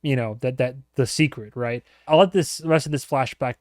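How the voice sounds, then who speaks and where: Excitable man reacting to a show. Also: mid-range voice, a little fast, dry recording, studio quality. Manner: excitable, laughs often, rambling with fillers. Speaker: reaction video host. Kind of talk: casual reaction commentary.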